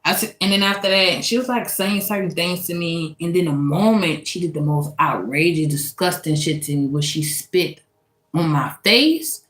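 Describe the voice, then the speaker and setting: A woman from Louisiana, telling a personal story in a casual, animated and profane way, laughing often. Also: lowish voice, moderate pace. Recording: echoey room.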